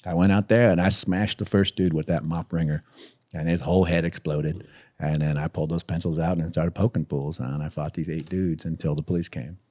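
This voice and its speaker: A man telling a story as a podcast guest, animated, swearing freely and laughing through it, jumping up in pitch when acting out other people. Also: brisk.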